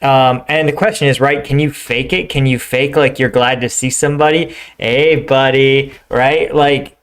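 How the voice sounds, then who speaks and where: A man's voice: medium pitch, normal speed. A middle-aged man hosting a reaction video, talking casually and acting out quoted lines. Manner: conversational, says "right?" and "like" often, acts out quoted lines.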